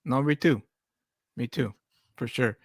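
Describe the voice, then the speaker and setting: A man's voice: medium pitch, unhurried, gravelly, no room sound, studio quality. Rambling talkative man on a live stream. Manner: rambling, repeats words when starting sentences. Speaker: podcast host and comic creator. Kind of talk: casual live-stream chat.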